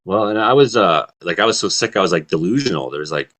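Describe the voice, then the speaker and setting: A man hosting a comedy talk show, telling rambling deadpan stories in a casual chat. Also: deep voice, quick pace. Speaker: comedy weather show host.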